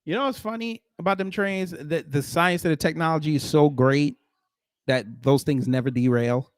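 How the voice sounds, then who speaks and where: A man with a somewhat high voice hosts casual reaction commentary. He is animated and exclamatory, bursting into slang-filled jokes and quick asides. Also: no room sound, clean studio sound. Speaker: commentary host.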